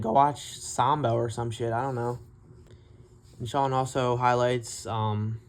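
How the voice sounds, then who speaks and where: A man's voice: mid-range voice, darkish tone. Blunt, profane man ranting about fights. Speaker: MMA commentary vlogger. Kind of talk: casual ranting commentary.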